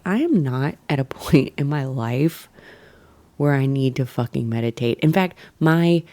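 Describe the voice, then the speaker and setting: A young woman with a low, gravelly, mellow voice talks through her morning on a solo podcast. She is blunt and self-critical, swears freely, and keeps restarting with fillers. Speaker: podcast host. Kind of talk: candid solo podcast monologue.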